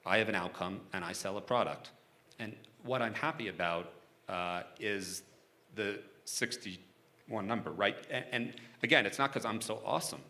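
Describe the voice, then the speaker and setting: A man's voice: fairly low pitch, moderate pace, pushed and bright. A man being interviewed onstage about his work negotiating for hostages, talking casually and frankly, chuckling often and restarting his sentences.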